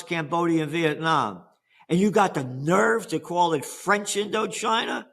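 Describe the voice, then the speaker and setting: A man's voice: fairly high pitch, measured pace, gravelly, fairly bright tone. An older American man on an interview, emphatic and sarcastic, firing rhetorical questions. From United States. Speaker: interview guest. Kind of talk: animated interview talk.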